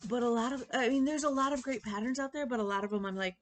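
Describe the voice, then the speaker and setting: Fast and fairly high-pitched, this woman in her thirties hosts a stitching vlog, talking loosely to camera. She wanders from point to point, peppering her talk with ums and false starts.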